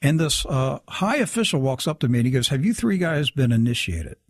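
A man's voice: mid-range voice, fairly quick, dry recording, studio quality. A man telling a long personal story in casual talk, acting out the people he quotes. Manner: animated, acts out quoted dialogue. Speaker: guest storyteller.

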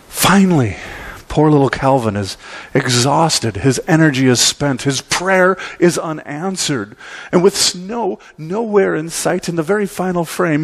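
A man's voice: a little high, creaky. A male pastor preaching a sermon, telling a story with emphatic repeats.

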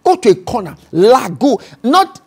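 A man's voice: very high-pitched, very animated, unhurried, a little mellow, breathy edge. A man with a Nigerian accent, a pastor preaching a sermon and acting out voices and speaking in tongues.

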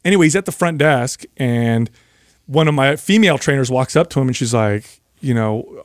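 A man's voice: medium pitch, fairly quick, dry recording, studio quality. A man co-hosting a podcast in casual chat, animatedly telling stories and acting out screams and reactions. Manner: animated storyteller who acts out screams and reactions. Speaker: podcast co-host.

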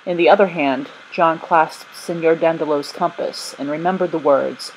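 Lady narrating a kids' storybook, low calm voice, steady pace. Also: normal speed, a little hiss or hum, low-quality recording. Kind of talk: storybook read-aloud.

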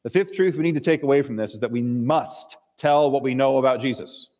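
A man's voice: mid-range voice, fairly quick, darkish tone, in a large hall. A male pastor giving a sermon, reading scripture aloud and acting out the characters' lines in dramatic voices.

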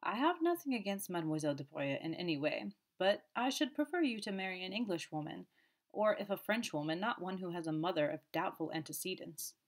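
A woman's voice: lowish voice, lively intonation, moderate pace, few pauses. Brief: reserved resentful mother, plain and cool, read by a woman narrator. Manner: simple, restrained, bitter. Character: proud, resentful middle-aged mother.

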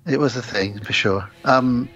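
A man's voice: medium pitch, measured pace, breathy edge, faint music behind. A man chats casually on a podcast, retelling film scenes and throwing himself into quoting the characters. His voice sits mid-range and comes through a slightly muffled, lo-fi recording. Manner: animated retelling, acting out quoted lines. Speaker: podcast co-host. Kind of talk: casual film recap chat. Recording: slightly dull lo-fi sound.

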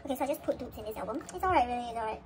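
A woman vlogger chatting casually through an unboxing and breaking into excited high squeals. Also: racing, noisy background.

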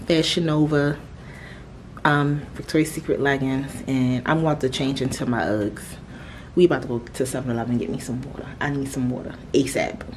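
A young woman chatting casually on her vlog, talking fast and heated, swearing freely as she vents. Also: very deep voice, noisy background. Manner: animated, exasperated, swears freely. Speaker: vlogger. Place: hotel room at night.

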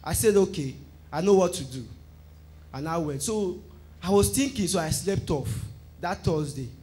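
Excited man giving a testimony. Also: a little high, normal speed. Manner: excited, tells the story by acting out dialogue. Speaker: church member giving testimony. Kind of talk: animated personal testimony. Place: church service.

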